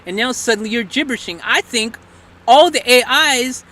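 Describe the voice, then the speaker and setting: A man's voice: extremely high pitch, fairly quick, a bit bright. A man hosting a livestream, chatting casually and teasing a voice chatbot in a rambling, playful way. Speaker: livestream host.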